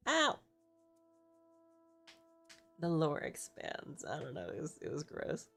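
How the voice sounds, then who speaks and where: A woman's voice: low-pitched, big pitch swings, unhurried, long pauses, fairly bright tone, breathy edge, soft background music. A woman streamer chatting casually, rambling through a story, swearing freely and laughing often. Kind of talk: casual chat.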